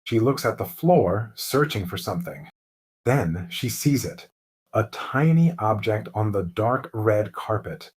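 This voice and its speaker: A man narrating a mystery story slowly and clearly as host of a lesson for English learners. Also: on the low side. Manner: calm, clear, deliberate.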